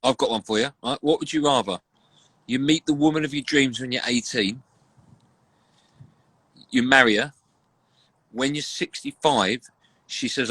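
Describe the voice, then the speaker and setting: A host chats on a live video stream, spinning jokey anecdotes. His voice sits at a middling pitch. The sound is dry and close, with no room echo. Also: a bit bright, husky. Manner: jokey storyteller, brisk anecdotes. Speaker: radio host. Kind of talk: casual live-stream chat. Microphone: online live video call.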